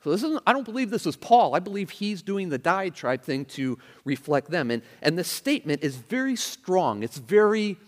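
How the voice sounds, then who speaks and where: Lively expressive male preacher in a hall. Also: high voice, normal speed, few pauses. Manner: expressive, acts out quoted attitudes, conversational asides. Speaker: pastor. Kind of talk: sermon.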